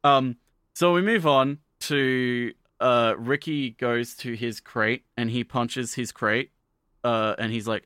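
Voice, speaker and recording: A man's voice: medium pitch, fairly even intonation, measured pace, fairly bright tone, smooth, no echo, studio quality. A man co-hosting a casual anime podcast. He rambles with lots of "like" fillers and recaps scenes by acting out the characters' lines. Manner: rambling, heavy use of "like" fillers. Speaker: podcast co-host.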